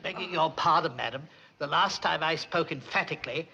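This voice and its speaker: An actor playing a stiff, long-suffering butler who speaks in a formal, mannered and dryly deferential way. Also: male voice, fairly high pitch, a little fast, vocal fry, bright, forceful tone, muffled recording, some chatter behind, a little hiss or hum, exaggerated voice.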